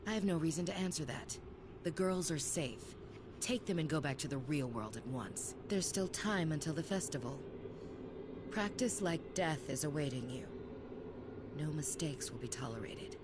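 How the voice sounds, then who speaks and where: A woman's voice: low voice, lively intonation, normal speed, heavy background noise. An actress voicing a cold, commanding woman in a video game, giving clipped, stern orders.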